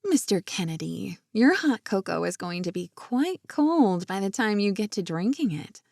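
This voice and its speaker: A woman's voice: medium pitch, very animated, moderate pace, creaky, a little mellow, no room sound, clean studio sound. Woman voicing a quirky, teasing young woman in love.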